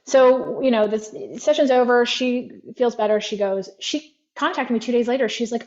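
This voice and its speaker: A woman with a somewhat high voice talks through an example in a loose, chatty way, sprinkling in "like" often. The audio is dull and lo-fi, as over an online call. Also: moderate pace, few pauses, a little mellow. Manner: chatty, frequent "like" fillers. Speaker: guest therapy practitioner. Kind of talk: conversational storytelling.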